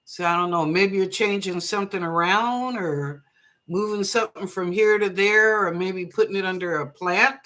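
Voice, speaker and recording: A woman hosts a live psychic reading show in a crisp, bright voice. She reads each viewer's question aloud and answers in a relaxed, chatty way. She laughs easily and offers blessings to her callers. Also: medium pitch, normal speed. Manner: reads chat questions aloud then interprets them. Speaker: psychic reader and show host.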